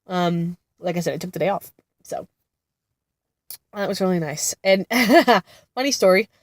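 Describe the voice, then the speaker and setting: A woman's voice: on the low side, measured pace. A woman in her thirties who sounds congested from being sick, talking casually with lots of fillers and laughs as she rambles about her kids. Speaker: vlogger, mother of two. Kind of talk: casual chat. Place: sitting in a car-like space outside a therapy center.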